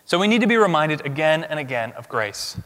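A man preaching a sermon as pastor, emphatic, swinging from loud declarations to hushed asides. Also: a little high, sing-song, fairly quick. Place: church sanctuary. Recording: long reverb of a large hall.

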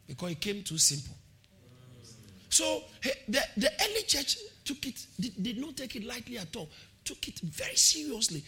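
A man preaches a sermon in a high, sharply bright voice. He exhorts his listeners, repeats key phrases and calls on them to shout back. His pitch swings widely and vividly.

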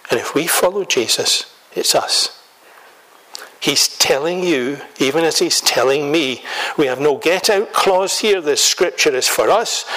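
A man from Scotland delivers a sermon with a somewhat higher voice. He preaches in a measured, emphatic way, stacking rhetorical lists and questions. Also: a bit bright, rough recording.

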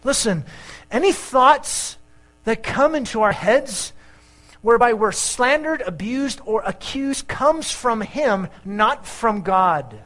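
A male pastor preaching a sermon in an animated way, mixing jokes and asides into his points. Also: very high-pitched, takes it slowly, poor audio.

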